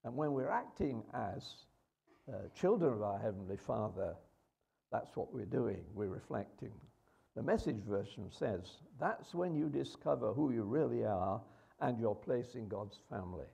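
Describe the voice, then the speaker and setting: A man's voice: medium pitch, animated, measured pace, creaky, mellow, breathy edge. A man preaching a sermon in a conversational way, with rhetorical questions and hesitations.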